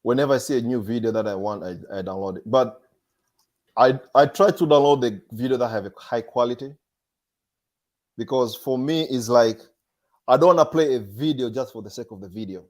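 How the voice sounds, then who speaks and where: A man's voice: medium pitch, brisk. Hesitant man, DJ guest. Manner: hesitant, restarts sentences, soft-spoken. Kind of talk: casual interview chat.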